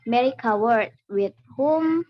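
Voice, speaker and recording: A woman's voice: fairly high pitch, animated, slow pace. Young woman reading notes, lo-fi. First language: Indonesian. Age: young adult. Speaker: student presenter. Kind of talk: reading a class presentation aloud. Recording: dull lo-fi recording.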